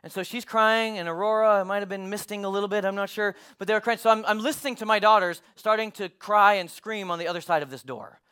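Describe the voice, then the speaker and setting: A man in his thirties, a pastor, telling a lively personal story as the opening of a sermon, animated and emphatic. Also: high voice, fast talker, hardly any pauses, smooth.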